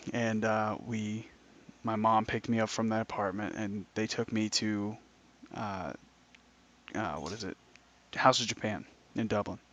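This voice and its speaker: A man's voice: lowish voice, fairly bright tone. Casual swearing man telling stories, lo-fi. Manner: swearing, laid-back storyteller acting out voices. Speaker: podcast host. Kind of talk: casual chat, storytelling. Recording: dull lo-fi sound.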